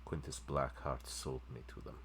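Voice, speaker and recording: A man voicing a guarded male warrior who was sold off for experiments, speaking in quiet, halting recollection during a tabletop game. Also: extremely low pitch, flat delivery, creaky, slight background noise, exaggerated voice. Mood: subdued. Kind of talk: in-character tabletop role-play.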